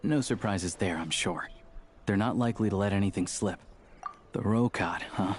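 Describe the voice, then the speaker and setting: An actor playing a composed, helpful adult man in game dialogue, calm and measured. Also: lowish voice, a little hiss or hum, natural voice.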